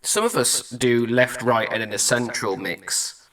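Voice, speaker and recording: A man's voice: mid-range voice, measured pace, fairly bright tone, in a large hall. A male singer-songwriter chatting casually as he reacts to a song and tests vocal ideas at a studio mic. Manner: thinks aloud, trying out vocal ideas.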